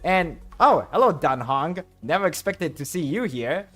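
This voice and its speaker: A young man streaming a game, chatting casually with viewers and exclaiming excitedly over his luck. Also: fairly high pitch, measured pace, soft background music. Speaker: VTuber streamer. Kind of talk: casual livestream chat while playing.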